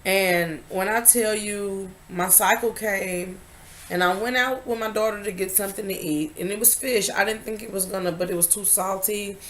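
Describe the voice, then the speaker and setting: A woman vlogger telling a candid personal story, emphatic and confiding, swinging between loud stresses and hushed asides. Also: mid-range voice, fairly even intonation, normal speed, slight background noise.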